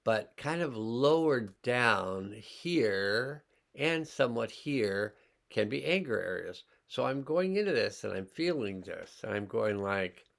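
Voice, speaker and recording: Slow gravelly man guiding a healing class. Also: medium pitch. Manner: slow, calm, pausing, guiding listeners' awareness. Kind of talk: slow guided healing demonstration.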